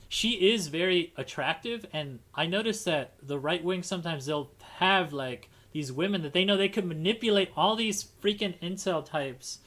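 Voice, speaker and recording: A man's voice: high voice, fairly bright tone. A man hosting a casual livestream conversation, talking in a rambling way with many restarts and fillers. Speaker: podcast host.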